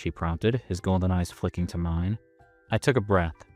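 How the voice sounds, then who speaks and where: A man's voice: deep voice, fairly even intonation, normal speed, darkish tone, soft background music. A man narrating a story in the first person, in a casual, self-mocking manner.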